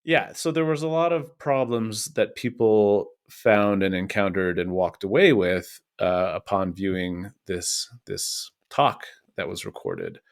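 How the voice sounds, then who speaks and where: A man's voice: on the low side, expressive, a little slow, gravelly, few pauses. A man co-hosting a news podcast, explaining earnestly and at length with many restarts. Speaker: podcast co-host. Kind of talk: casual news discussion.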